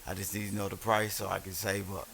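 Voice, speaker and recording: A man's voice: low voice, level tone, fast, creaky, fairly bright tone, a little hiss or hum. A man in casual podcast chat, loose and profane, telling stories with friends. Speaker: podcast co-host.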